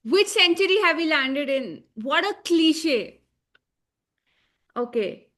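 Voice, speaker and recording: High, bright-voiced ranting woman. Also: animated, slow pace. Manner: emphatic, ranting, sarcastic, swears a lot. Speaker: co-host. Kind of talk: casual review chat.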